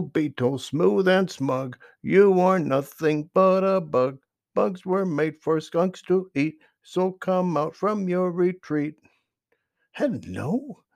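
A man's voice: on the high side, a little mellow, no room sound, clean studio sound, voice pushed up, heavily acted. A man voicing a cheerful, cheeky young male skunk in a storybook reading, with bouncy sing-song rhymes and eager polite excuses.

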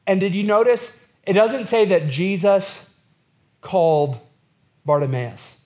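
High-voiced man preaching earnestly. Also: animated, slow pace, a little mellow. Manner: earnest, repetitive preaching with acted-out quotes. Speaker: pastor. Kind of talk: sermon.

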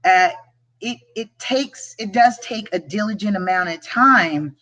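A woman's voice: medium pitch, lively intonation, a little slow, fairly bright tone, rough recording. A woman hosting a live stream, talking earnestly and from the heart, often repeating words as she gets moved. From Philadelphia. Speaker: show host and real estate agent. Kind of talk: live-stream motivational talk.

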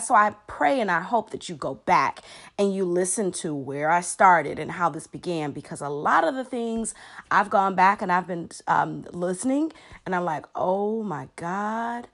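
A woman hosting a Sunday devotional podcast, talking casually and earnestly with frequent ums. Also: mid-range voice. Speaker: podcast host.

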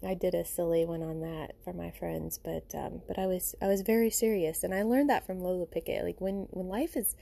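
A woman's voice: on the low side, fairly even intonation, brisk, creaky, hardly any pauses, warm tone. A woman hosting a podcast, talking in a rambling, informal and reflective way and often saying "you know" and "you guys" while recording at home. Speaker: podcast host. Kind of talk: casual reflective monologue.

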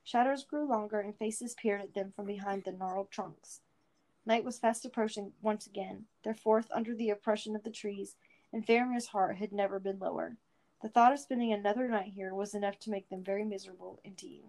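A woman narrating a fantasy storybook aloud in an expressive, unhurried way. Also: medium pitch, rough recording.

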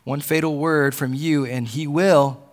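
A man voicing a small male lizard creature who begs frantically in a loud, raised voice. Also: steady tone, a little slow, in a large hall, natural voice. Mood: frantic pleading. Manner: frantic, begging, loud and high.

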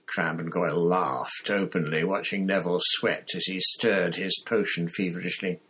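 Brief: low male audiobook narrator, measured. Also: fairly even intonation, sharp tone, breathy edge. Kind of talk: audiobook reading.

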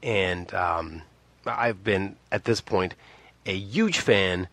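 This man, in his fifties and from Montreal, Canada, speaks slowly in a slightly bright voice. He tells a personal story casually and ramblingly, with frequent restarts and asides, voicing the people he quotes through big pitch jumps.

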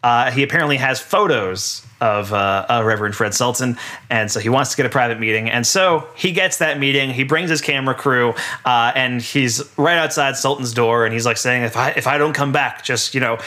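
Laughing bright-voiced man recapping a movie. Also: mid-range voice, moderate pace. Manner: laughs often, loose and rambling. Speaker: podcast co-host. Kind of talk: casual movie recap chat.

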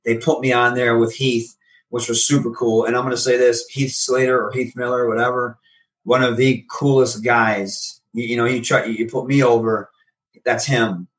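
Wrestler guy chatting in an interview, animated, mic sits a bit far off. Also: mid-range voice, normal speed. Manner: animated, acts out quoted exchanges. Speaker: professional wrestler. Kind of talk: casual interview storytelling.

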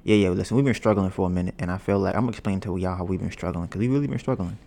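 A young man hosting a casual home podcast, rambling and joking, bragging about his smooth steady voice. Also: deep voice, rapid-fire. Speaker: podcast host. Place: home, storm outside. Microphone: podcast mic with headphones.

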